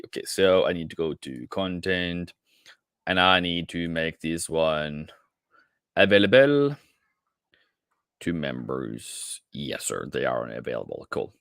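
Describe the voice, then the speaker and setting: Man, low voice, very lively pitch, casual live-stream chat, talks straight to viewers, dry close sound. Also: slow pace, smooth, no echo. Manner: chatty, addresses viewers directly, many restarts; calls viewers mate and brother. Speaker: forex trading streamer.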